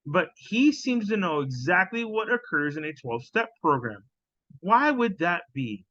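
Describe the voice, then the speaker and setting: A man's voice: high voice, very animated, measured pace, pushed and bright, dry recording, muffled recording. A man hosting a podcast, reacting to clips in casual commentary, scornful and profane, often repeating himself.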